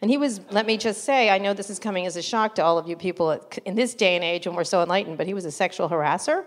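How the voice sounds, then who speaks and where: A middle-aged woman journalist, a guest in an interview, telling lively stories, acting out quotes with laughing asides. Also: mid-range voice, fast. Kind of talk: casual storytelling interview.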